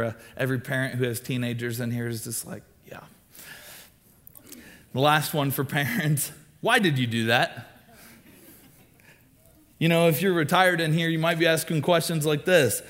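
A young man, a student ministry pastor, preaching a sermon and acting out questions people ask in lively raised voices. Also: fairly high pitch. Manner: animated, acts out quoted questions in raised voices.

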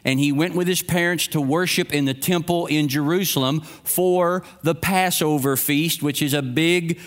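Male pastor, middle-aged, smooth clear voice, chatty storytelling sermon. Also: fairly high pitch, fairly even intonation, normal speed. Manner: storytelling, conversational preaching.

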